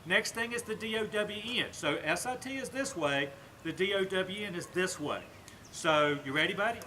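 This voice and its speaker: A man working as a dog trainer, calmly explaining a training demonstration and giving short, firm commands to a dog. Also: sits high, moderate pace, a little hiss or hum.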